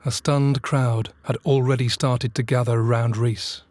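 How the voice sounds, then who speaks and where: A man's voice: medium pitch, little pitch movement, darkish tone, dry recording. Serious male documentary narrator. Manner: measured, serious. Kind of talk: scripted narration. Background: music.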